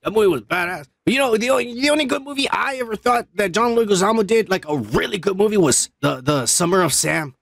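Crude, tipsy man with a gravelly voice. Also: sits high, expressive, fast, hardly any pauses, fairly bright tone, dry recording, clean studio sound. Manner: crude, rambling, swears a lot. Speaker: podcast host. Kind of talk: casual drunk banter.

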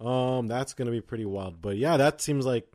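A young man co-hosting a podcast with an easygoing, loose way of talking, full of fillers and laughter. His voice sits in a middle pitch. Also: normal speed, a little mellow. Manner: laid-back, laughs often, loose filler-heavy talk. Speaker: podcast co-host. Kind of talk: casual chat.

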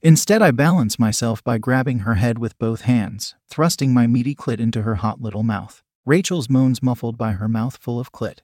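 A man reading a first-person story aloud in a steady, even manner. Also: mid-range voice, moderate pace, hardly any pauses, dry recording, studio quality. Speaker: audiobook narrator.

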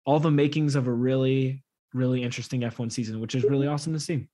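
A man's voice: mid-range voice, fairly even intonation, dark tone. A man co-hosting a casual soccer podcast, talking in an emphatic, opinionated way. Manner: emphatic, opinionated, quick to laugh at the league. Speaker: podcast co-host.

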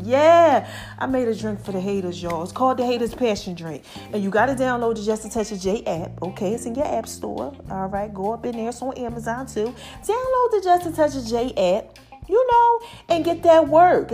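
A woman hosting her own podcast in a casual, playful chat, talking straight to her listeners. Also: fairly high pitch. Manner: lively, playful, calls listeners "baby" and "y'all". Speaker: podcast host.

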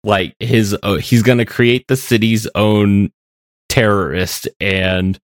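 A man with a lowish voice talks slowly and haltingly in a casual podcast chat, wandering between thoughts. The sound is dry and close, with no room echo. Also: steady tone. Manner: rambling, hesitant, many fillers and restarts. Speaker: podcast co-host.

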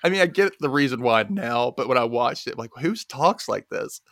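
Male podcast host, casual film recap, lively up-and-down delivery, dry close sound, quick to laugh. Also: medium pitch, dry recording. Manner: animated, laughs often, acts out quotes. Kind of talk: casual chat.

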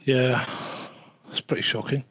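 Scottish bloke, husky voice, laid back, telling stories on a podcast. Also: male voice, medium pitch, steady tone, a little slow, fairly bright tone, no echo, low-quality recording. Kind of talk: casual chat.

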